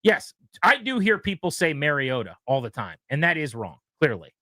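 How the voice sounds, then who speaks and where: A bright, high-ish man's voice bounces up and down as he hosts a sports talk show in a loose, chatty way. He talks quickly and likes to imitate the people he is talking about. The sound is close and dry, with no room in it. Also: dry recording. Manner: animated, quick, fond of mimicking others. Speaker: sports radio host.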